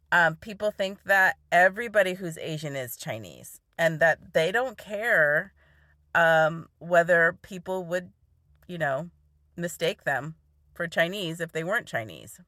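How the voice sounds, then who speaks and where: A woman's voice: on the low side, sharp tone, no room sound, studio quality. A woman telling a personal story in a casual way, often laughing as she goes. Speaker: vlogger.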